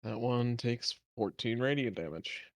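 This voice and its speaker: A man's voice: mid-range voice, lively intonation, unhurried, no room sound. A man narrating as game master of a tabletop game, matter-of-fact and playful.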